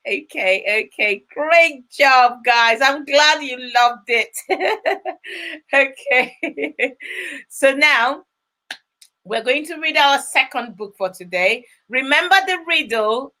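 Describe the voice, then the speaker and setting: A woman's voice: sits high, lively intonation, slow, bright, forceful tone. A woman hosting a live children's read-along, chatting with young viewers and coaxing them to answer. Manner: encouraging, coaxing answers from kids.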